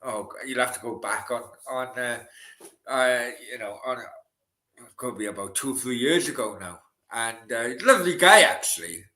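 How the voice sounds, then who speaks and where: A man hosting a football watchalong in a relaxed, chatty way, signing off to viewers. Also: medium pitch, unhurried. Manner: relaxed, chatty, laughing often. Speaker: host. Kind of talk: casual chat. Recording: roomy echo.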